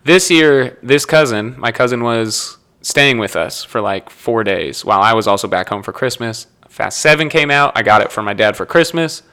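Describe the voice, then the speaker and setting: Bright-voiced young man rambling with laughs. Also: medium pitch, lively intonation, moderate pace, few pauses, clean tone. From Nebraska. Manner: rambling storyteller, laughs often, self-corrects. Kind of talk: casual chat.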